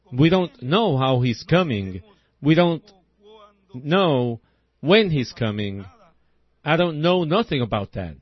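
A man's voice: fairly high pitch, very animated, slow, no room sound. A middle-aged man preaching a sermon in a folksy, rhythmic way, often tagging his points with "see?". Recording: dull lo-fi old recording.

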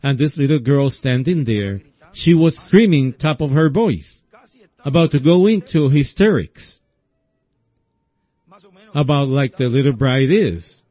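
A man preaching a sermon at an unhurried, drawn-out pace, telling stories in a folksy way and often stopping to ask "see?". His voice sits at a middle pitch. The recording is dull and lo-fi. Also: animated. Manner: slow folksy storytelling, keeps asking "see?".

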